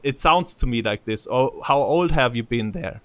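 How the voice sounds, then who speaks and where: A man's voice: medium pitch, animated, moderate pace, noisy background. A man with a German accent hosting a podcast interview, asking long questions that he restarts and rephrases often. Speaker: podcast host.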